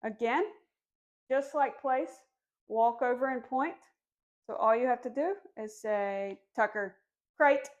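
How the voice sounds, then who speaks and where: A woman dog trainer walks through puppy commands step by step. Her voice sits fairly high. She explains each step plainly, like a teacher running an outdoor lesson. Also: slow, long pauses, highs cut off. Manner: firm commands, soft praise for the dog. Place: outdoors in a yard.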